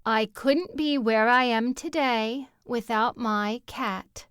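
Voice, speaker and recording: A woman's voice: fairly high pitch, takes it slowly, fairly bright tone, clear, resonant tone, no room sound, clean studio sound, voice pushed up. A woman voicing a brash, self-absorbed woman on a date, with a Bronx accent and a gushing, over-eager way of talking.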